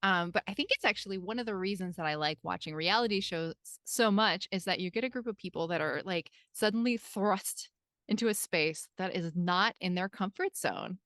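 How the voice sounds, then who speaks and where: A woman's voice: on the low side, normal speed, no room sound, clean studio sound. A woman with a Midwestern accent hosting a podcast, chatting casually as a life coach and acting out quoted lines. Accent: American Midwestern. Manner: chatty, animated, acts out quotes.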